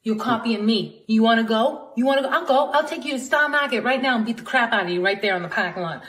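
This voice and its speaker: A woman's voice: on the high side, lightly acted. A woman putting on a thick Boston accent to play a brash, furious woman spoiling for a fight in a comic video. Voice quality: loud, brash, rapid threats.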